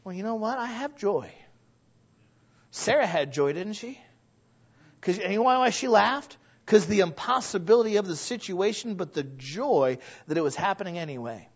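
Brief: male pastor, high voice, animated, laughs often, sermon on a dull lo-fi recording. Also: moderate pace, slightly rough.

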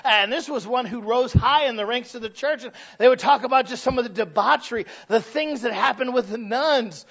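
Man, high voice, preacher, sermon, impassioned, storytelling asides, dull lo-fi recording. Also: brisk, hardly any pauses. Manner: impassioned, rising to shouted emphasis.

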